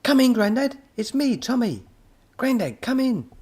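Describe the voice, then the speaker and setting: A man voicing an excitable young boy hero who shouts with breathless urgency in a storybook. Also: high voice, normal speed, slightly rough, voice pushed up, full character voice. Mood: urgent.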